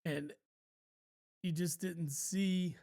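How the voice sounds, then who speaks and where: Podcast co-host, man, slightly higher voice, loose rambling storyteller who swears casually. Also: steady tone, extremely slow, darkish tone. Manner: rambling, laid-back, swears freely.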